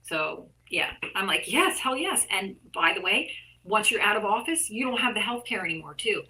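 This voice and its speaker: A woman's voice: mid-range voice, normal speed, sharp tone, poor audio. A middle-aged woman talking in a casual interview, blunt, profane and heated as she argues her views. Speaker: artist and activist guest.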